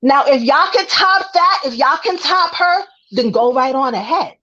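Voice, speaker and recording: A woman's voice: high-pitched, expressive, unhurried, bright, forceful tone. A woman co-hosting a casual livestream, talking emphatically to the chat and repeating her points. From Brooklyn, New York. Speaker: co-host of a gossip livestream. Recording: dull lo-fi audio.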